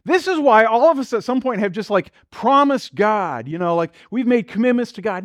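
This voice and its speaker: A man's voice: high-pitched, animated, normal speed, few pauses, no room sound, studio quality. A man preaching a sermon as pastor, in a conversational style full of rhetorical questions and acted-out quotes.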